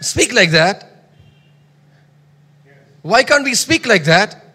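A man preaching a sermon, reading scripture loudly and dropping to soft asides. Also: high voice, very animated, takes it slowly, slightly rough, big-room sound. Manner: emphatic, swings between soft asides and loud scripture reading.

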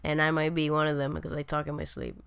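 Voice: mid-range voice, big pitch swings, a bit bright, clean tone. A podcast co-host in casual chat who halts and restarts while talking, then rattles off the show's links. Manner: halting in chat, stumbling over words. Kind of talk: casual chat and rapid social-media plugs.

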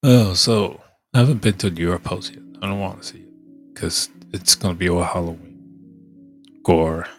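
A podcast host, a man with a congested, hoarse voice, rambling in casual chat, halting and trailing off as he thinks aloud. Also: low voice, faint music behind.

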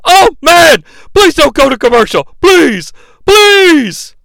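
A man putting on an impression of an excitable male wrestling commentator who shouts catchphrases. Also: sits high, unhurried, dry recording, pitched above the performer's own voice, full character voice. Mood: pleading.

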